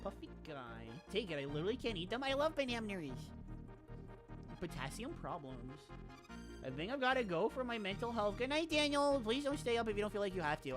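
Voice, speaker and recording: A woman VTuber streamer chatting casually on stream, excitable and gushing, laughing often and rambling into asides. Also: medium pitch. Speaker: VTuber streamer reacting to viewer game lists. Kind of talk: casual live-stream chat.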